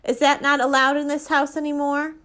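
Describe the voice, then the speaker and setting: A woman's voice: high voice, little pitch movement, fairly quick, a bit bright, voice pushed up. A woman reading aloud and voicing a young girl who speaks carefully and coaxingly in a storybook. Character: young girl, older sister.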